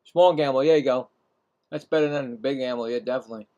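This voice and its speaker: A man with a Brooklyn accent hosting a casual live play-by-play stream, chatting and rambling between pitches. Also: fast talker, mellow, dull audio. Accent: Brooklyn New York.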